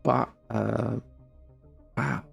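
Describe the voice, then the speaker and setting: A man's voice: medium pitch, fairly even intonation, very slow, creaky, slightly rough, faint music behind. A congested man streaming a game, chatting casually in a wry, rambling way with many fillers. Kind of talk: casual gameplay commentary.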